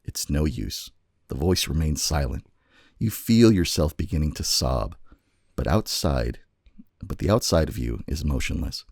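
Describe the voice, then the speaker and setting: Brief: deep husky male podcast host, lively storyteller delivery, dry close sound. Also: no echo. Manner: low gravelly voice, slow dramatic storytelling. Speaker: podcast co-host telling a choose-your-own-adventure story. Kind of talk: casual chat and dramatic story narration.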